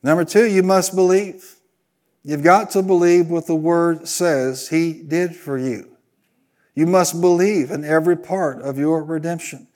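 Preaching a sermon as pastor, a man with a slightly high, somewhat mellow voice takes his time. He hammers his points home through repeated phrases and leads the congregation in call-and-response.

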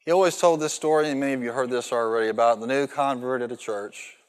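A man preaching a sermon, telling lively stories and calling on the congregation to repeat lines back to him. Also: mid-range voice, quick pace, smooth. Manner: animated storytelling with call-and-response. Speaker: pastor. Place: large church hall. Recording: long reverb of a large hall.

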